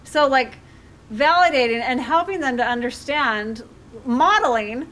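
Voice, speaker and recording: Animated high-voiced woman life coach. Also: a little slow, slight background noise. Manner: animated, acts out parent-child dialogue. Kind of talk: community talk with audience questions.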